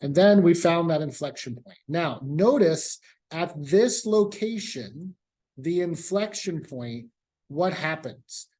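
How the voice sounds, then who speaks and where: A man's voice: a little high, expressive, slow, a little mellow. Man, math professor, classroom lecture, casual, repeats himself, talks straight to students. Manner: casual, repeats key points, speaks to students directly.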